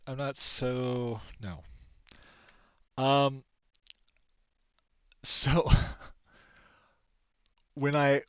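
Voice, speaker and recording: Smooth-voiced man hosting a chat show. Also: medium pitch, fairly bright tone, dry recording, lo-fi sound. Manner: rambling, with frequent fillers and laughter. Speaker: talk show host. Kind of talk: casual chat.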